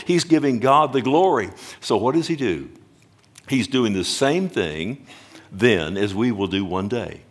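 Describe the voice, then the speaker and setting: A man preaching a sermon emphatically, often slowing down to stress words and calling out to his listeners directly. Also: medium pitch, animated, breathy edge. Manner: emphatic, swings between loud and hushed, addresses the congregation directly. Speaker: pastor.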